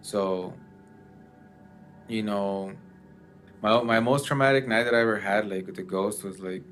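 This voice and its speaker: A man's voice: on the low side, a little slow, fairly bright tone, slight background noise. A man in casual chat, telling a story with lots of fillers and restarts. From Mexican family background. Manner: rambling, many fillers.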